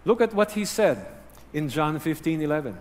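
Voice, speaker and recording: A male pastor delivers an earnest, teaching sermon in a somewhat high voice. He sinks low and soft to press key words home. The sound carries a long echo from a large hall. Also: very animated, moderate pace.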